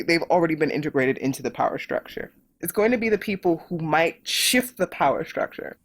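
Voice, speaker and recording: A middle-aged woman speaks as a podcast guest, with a somewhat low voice. She drives her points home emphatically, repeating phrases with lively force. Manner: emphatic, repetitive and animated. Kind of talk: political conversation.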